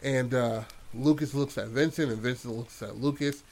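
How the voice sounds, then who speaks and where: A man's voice: mid-range voice, normal speed, darkish tone. A man spins a made-up horror tale in casual podcast chat. His mid-range voice rambles loosely and is salted with curses and restarts. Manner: rambling and profane, full of fillers and restarts. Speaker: podcast host telling a story. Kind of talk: casual improvised storytelling.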